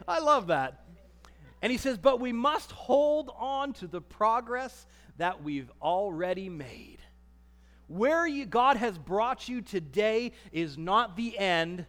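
A man preaching a sermon, acting out the people he quotes and swinging from loud to soft. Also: extremely high pitch, animated, slow. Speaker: pastor. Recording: long reverb of a large hall.

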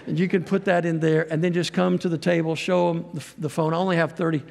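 A man's voice: a little high, little pitch movement, fast talker, darkish tone. A middle-aged man preaching a sermon in a church, folksy and rambling, with self-deprecating asides. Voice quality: gravelly voice. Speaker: guest preacher and missionary. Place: church sanctuary. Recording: long reverb of a church hall.

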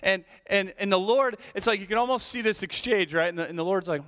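A man's voice: high-pitched, expressive, quick pace, few pauses, fairly bright tone, long reverb tail. A man preaching a sermon as associate pastor, telling a story animatedly and checking in with "right?".

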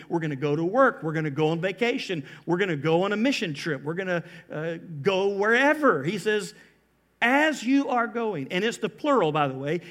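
A man preaching a sermon as pastor, slowing down and lifting his voice to stress key phrases. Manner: animated preaching, slows down for emphasis and rises in pitch.

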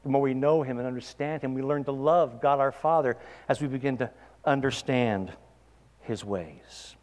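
A man's voice: mid-range voice, moderate pace, darkish tone, long reverb tail. A man preaching a sermon, asking his listeners pointed questions and building to emphatic peaks. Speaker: pastor.

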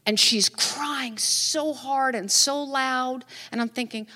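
High-voiced woman pastor, slow and dramatic. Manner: dramatic, drops into hushed whispers. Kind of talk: sermon storytelling. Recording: echoey hall.

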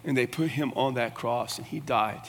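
A man's voice: mid-range voice, moderate pace. Folksy male preacher in a reverberant hall. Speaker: pastor. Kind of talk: sermon. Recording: long reverb of a large hall.

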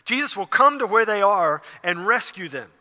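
A man's voice: sits high, expressive, normal speed, sharp tone, long reverb tail. A man preaching a sermon, explaining a passage with frequent fillers and restarts. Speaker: pastor.

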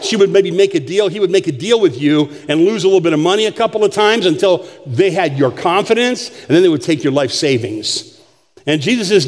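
A man preaching a sermon, animated and joking, asking the congregation questions. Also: fairly high pitch, brisk. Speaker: pastor. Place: church sanctuary. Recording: long hall reverb.

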